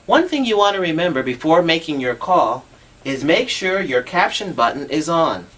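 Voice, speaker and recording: A man's voice: fairly high pitch, very animated, normal speed, a bit bright. A man demonstrating assistive telephone equipment on a TV show, patient and instructive, walking through each step.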